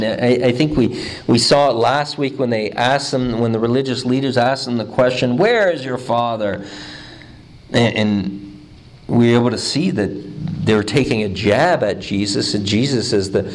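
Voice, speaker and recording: A man, a pastor, preaching a sermon, swinging between quiet low stretches and emphatic high ones, often repeating his first words. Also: moderate pace. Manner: repeats words when starting phrases.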